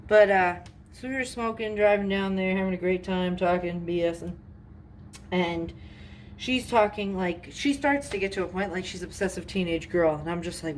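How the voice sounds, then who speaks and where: A young woman rambles through a storytime while she bakes in her home kitchen. She talks in a chatty, loose way, with lots of "like" and "you know". The recording has clear background noise throughout. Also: mid-range voice, moderate pace, low-quality recording. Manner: chatty, rambling, many fillers. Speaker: vlogger. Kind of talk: casual storytime while baking.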